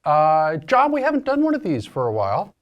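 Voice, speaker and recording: A man's voice: on the high side, wildly swooping pitch, a little fast, lo-fi sound. A man with a Boston accent, co-hosting a casual chat as an industry analyst, chatty and thinking aloud. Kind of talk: casual discussion.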